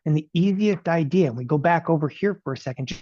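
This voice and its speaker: Brief: man, options trading educator, rapid-fire and animated, warm voice, dull dry lo-fi sound. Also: fairly high pitch, dry recording. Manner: animated, repeats "okay?" constantly, rapid-fire. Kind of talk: live trading webinar.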